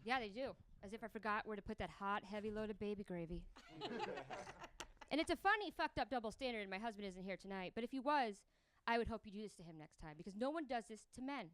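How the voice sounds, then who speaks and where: A woman's voice: medium pitch, expressive, fast talker, fairly bright tone. A young woman doing a crude, brash stand-up comedy set on stage before a live audience. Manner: crude, brash punchlines with big vocal jumps.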